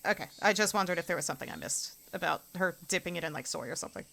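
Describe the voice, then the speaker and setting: A woman's voice: on the low side, lively intonation, very fast, vocal fry, pushed and bright. A woman streamer making rambling, chatty asides while reading a visual novel aloud.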